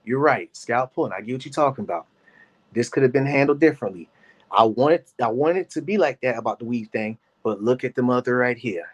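Man in his 30s, reaction-show host, casual rambling delivery, moderate pitch. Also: brisk, muffled recording. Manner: animated, rambling, talks to chat by name. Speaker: commentary host.

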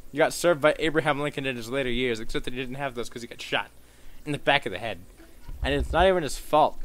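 Profane, ranting male game commentator. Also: medium pitch. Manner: swearing, mock-outraged rants with sudden shouts. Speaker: gameplay commentator.

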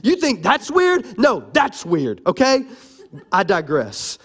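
A pastor in his thirties preaching a sermon, fairly high-voiced for a man and a little hoarse from cough medicine. He talks in a casual, joking way, with lively swings between loud, punchy lines and quiet, mumbled asides. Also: slow pace. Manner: animated, conversational and joking, lively shifts between loud and soft.

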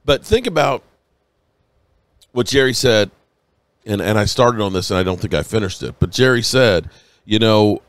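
A man's voice: on the low side, animated, normal speed, long pauses, clean tone, dry recording. A man live-streaming, emotional and a bit tipsy, rambling and swearing as he rants with emphatic bursts.

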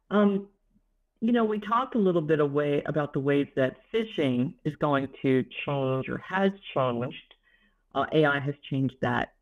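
A woman analyst co-hosting an interview, asking questions in a measured way. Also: low-pitched, highs cut off. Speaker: co-host analyst. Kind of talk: casual interview talk.

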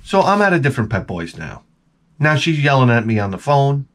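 A man's voice: mid-range voice, a little fast, slight background noise. A middle-aged man vlogging, telling rambling, profane stories in a casual monologue. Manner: rambling, profane, animated storytelling.

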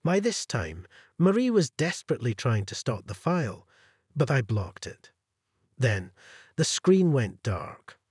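A male narrator reading a first-person revenge story, husky and cold, with his pitch moving lively through each sentence. The voice is close and dry, with no room around it. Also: measured pace, dry recording.

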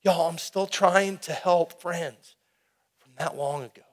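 A middle-aged man giving an animated, folksy testimony sermon to a youth rally, calling out to the crowd. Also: a little high, slow pace. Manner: animated, folksy, audience call-and-response.

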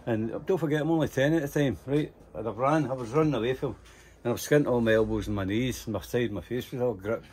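A man's voice: mid-range voice, quick pace, a little mellow, breathy edge. An older Scottish man telling rambling, profane stories in casual conversation, full of fillers and asides. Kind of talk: casual storytelling.

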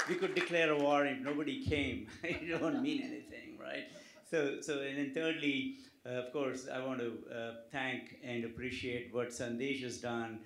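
A man's voice: medium pitch, steady tone, moderate pace, vocal fry, a bit bright. A man, a physician with a non-native English accent, giving humorous closing remarks at a conference, hesitating with many fillers and restarts. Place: conference hall. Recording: echoey conference hall.

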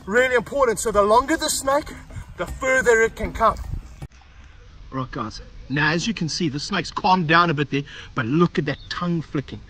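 A middle-aged man hosting an energetic outdoor wildlife demonstration, talking straight to his viewers and breaking into whoops. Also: high voice, normal speed, far from the mic, slight background noise. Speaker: wildlife handler and host. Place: outdoors by snake enclosures.

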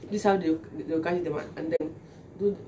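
A woman's voice: on the low side, fairly even intonation, a little fast, dark tone, recorded from a distance. Young Nigerian woman vlogger, just-woke-up voice, chatty with lots of restarts, in a noisy spot. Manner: chatty, repeats words and restarts a lot. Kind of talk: casual chat to camera.

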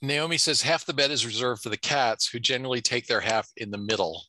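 A man's voice: mid-range voice, brisk, sharp tone, dry recording. A man co-hosting a podcast who reads listener comments aloud and makes dry asides in casual chat.

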